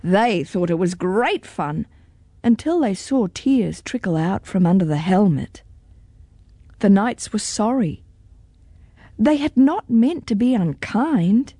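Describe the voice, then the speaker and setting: A woman reading a children's storybook aloud in an expressive, deliberate way. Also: mid-range voice, husky, dry recording, clean studio sound.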